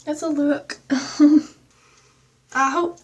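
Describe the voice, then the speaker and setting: A woman's voice: high-pitched, steady tone, very slow, distant mic. A woman vlogger chatting casually while getting ready, rambling and self-mocking, slipping into a mock country accent. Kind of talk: casual get-ready-with-me chat.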